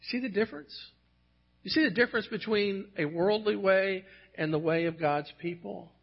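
A man's voice: high-pitched, moderate pace, creaky, breathy edge, highs cut off. A man preaching a sermon as pastor, earnest and building to impassioned emphasis when he quotes scripture.

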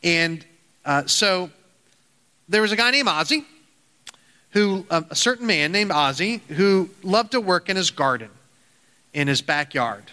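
A man preaching a sermon in an earnest, halting way with frequent restarts, telling a parable to his listeners. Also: sits high, expressive, sharp tone. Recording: hall reverb.

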